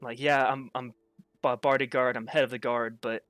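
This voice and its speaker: A man's voice: mid-range voice, level tone, moderate pace, a bit bright, clear, resonant tone, no echo, faint music behind, natural voice. A man voicing an earnest, easily distracted male head bodyguard who talks hesitantly and stammers.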